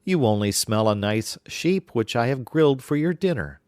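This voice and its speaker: A man's voice: medium pitch, lively intonation, no room sound, studio quality, voice pushed up, close to an everyday voice. A man doing a scolding giantess. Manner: slow, scolding. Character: dim-witted, scolding giantess wife.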